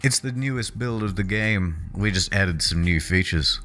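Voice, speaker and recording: A man reading out the lines of an eager, soft-spoken male game developer from a comic fan fiction. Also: deep voice, moderate pace, faint music behind.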